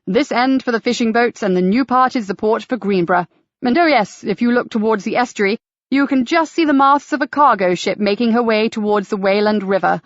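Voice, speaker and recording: A woman's voice: on the high side, fairly quick, no room sound, muffled recording, close to an everyday voice. A woman voicing a theatrical male church tour guide in an audiobook, with polished, showman-like patter. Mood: genial.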